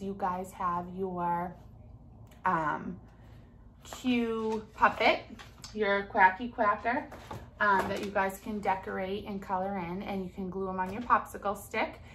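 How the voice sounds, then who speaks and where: A woman preschool teacher leading a recorded circle time for small children at home, drawing out sounds in a slow, exaggerated sing-song way. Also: mid-range voice, a bit bright, a little hiss or hum.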